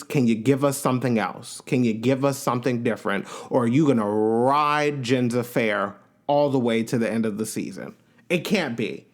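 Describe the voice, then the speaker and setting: A man hosting a podcast, giving a casual, opinionated recap of a reality show and acting out quotes in changing voices. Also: medium pitch.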